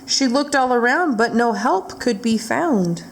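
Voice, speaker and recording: A woman's voice: on the high side, expressive, slight background noise. A woman reading a rhyming picture book aloud at a library storytime. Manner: slow, rhythmic rhyming read-aloud.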